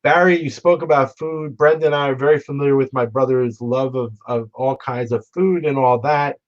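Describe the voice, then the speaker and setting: A man telling stories in memory of his late brother at a remembrance gathering, speaking in a halting, reflective way with frequent restarts. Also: mid-range voice, steady tone, muffled recording. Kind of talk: storytelling remembrance. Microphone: remote broadcast.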